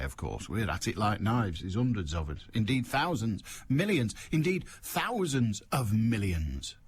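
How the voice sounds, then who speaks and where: A male radio phone-in host speaks into a studio mic in a husky, slightly rough voice. His pitch swings widely as he rambles, and his delivery stays sarcastic and mocking throughout. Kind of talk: sardonic radio monologue.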